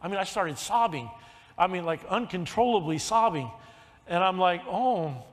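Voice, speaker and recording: A male pastor preaching a sermon in a church, telling his own conversion story, dropping to a hushed near-whisper and then rising to loud preaching. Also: sits high, animated, moderate pace, in a large hall. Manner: swings between hushed confession and loud preaching. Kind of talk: sermon with personal testimony. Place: church sanctuary.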